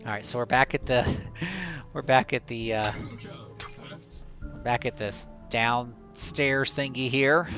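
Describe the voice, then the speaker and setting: A man giving chatty live gameplay commentary as a streamer, talking straight to his viewers and jumping into high playful tones. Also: slow pace, pushed and bright, faint music behind. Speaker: game streamer.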